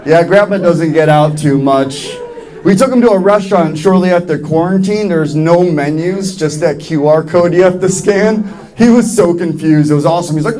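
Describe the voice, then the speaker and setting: Here a young New York comic works a club stage at normal speed, his voice fairly high, animatedly doing other people's voices in his jokes. Faint music plays behind him, and the live audience can be heard laughing.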